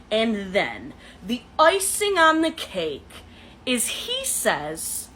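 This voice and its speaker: A woman's voice: mid-range voice, wildly swooping pitch, slow pace, sharp tone, a little hiss or hum, poor audio. A young woman telling a dating story to her phone camera in a casual, dramatic, sarcastic way. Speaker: dating content creator.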